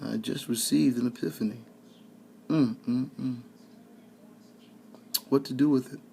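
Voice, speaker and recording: A man's voice: medium pitch, steady tone, measured pace, vocal fry, dark tone, slight background noise. A man giving a heated, sarcastic political rant straight to his listeners, often stumbling over repeated words. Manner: addresses listeners directly, colloquial. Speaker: commentator. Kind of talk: ranting political commentary.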